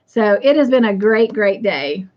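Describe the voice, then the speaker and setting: A woman's voice: mid-range voice, lively intonation, a little slow. A woman hosting a casual livestream, chatting with many fillers and greeting viewers by reading their comments aloud. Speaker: livestream host. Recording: muffled lo-fi livestream audio.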